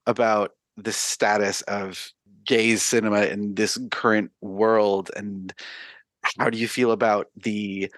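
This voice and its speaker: A man's voice: fairly low pitch, little pitch movement, slow, fairly bright tone, no room sound. A middle-aged man hosting a podcast interview, asking long questions filled with "um" and "you know". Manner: rambling questions with many fillers.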